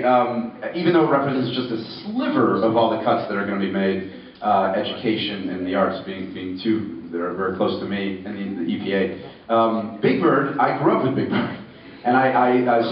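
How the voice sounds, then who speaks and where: Thirties man, chatty and self-mocking with lots of restarts, miked from far off in a reverberant room. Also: on the low side. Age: 30s. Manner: rambling, self-deprecating, many fillers and restarts. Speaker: actor speaking at a campus election event. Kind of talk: casual anecdotal speech. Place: university ballroom. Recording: echoey ballroom from far off, dull.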